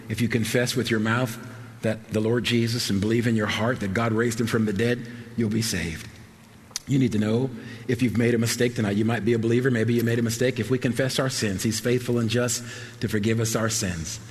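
Impassioned preacher in a reverberant hall. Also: male voice, on the low side. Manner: impassioned, swings from soaring shouts to hushed tones. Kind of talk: sermon. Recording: long hall reverb, faint background noise.

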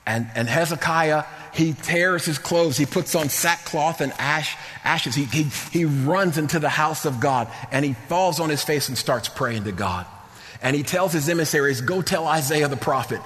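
A middle-aged man preaching a sermon in a church, animated, repeating words and sometimes rising to near-shouts. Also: on the high side, moderate pace, big-room sound.

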